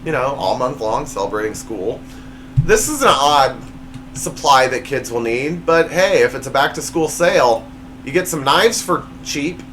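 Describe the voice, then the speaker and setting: A man's voice: animated, measured pace, fairly bright tone, slight background noise. A man hosting his own comedy show, reading joke punchlines with playful swings in his voice. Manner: jokey, reads punchlines with big pitch swings. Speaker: show host. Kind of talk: comedy monologue.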